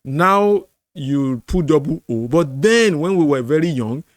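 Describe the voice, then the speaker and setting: Slow, dry-voiced Nigerian man teaching. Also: fairly high pitch, expressive, dry recording. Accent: Nigerian, Yoruba. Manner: explains slowly, repeats words, sings tone syllables. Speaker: apologetics channel host. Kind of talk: screen-share language lesson.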